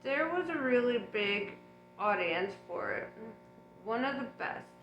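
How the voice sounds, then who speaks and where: A woman reading an audiobook aloud in an unhurried, relaxed way, with chatty asides. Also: a little high, roomy sound, lo-fi sound, faint music behind. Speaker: audiobook reader.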